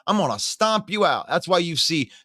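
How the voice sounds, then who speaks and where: A man's voice: on the high side, very animated, normal speed, pushed and bright, dry recording, studio quality. A man hosting a casual sports podcast, laid-back and slangy, laughing often. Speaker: podcast host.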